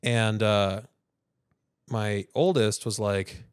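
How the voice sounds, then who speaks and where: A man's voice: on the low side, extremely slow, clear, resonant tone, no room sound, clean studio sound. A father co-hosting a podcast in casual chat, rambling through stories and acting out what people said. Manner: rambling storyteller who acts out quotes in other voices.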